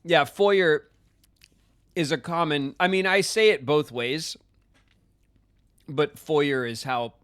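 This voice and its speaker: A man's voice: fairly high pitch, expressive, unhurried, pauses often, a bit bright, clean tone. An American man chatting casually on a live game stream, rambling with plenty of filler words. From United States. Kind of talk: casual live-stream chat while gaming.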